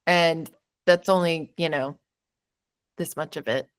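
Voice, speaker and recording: A woman's voice: low voice, takes it slowly, clean tone. A woman hosting a podcast, chatting casually and animatedly about a movie, often laughing. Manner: animated, laughing, mocking voices. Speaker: podcast host. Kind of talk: casual chat.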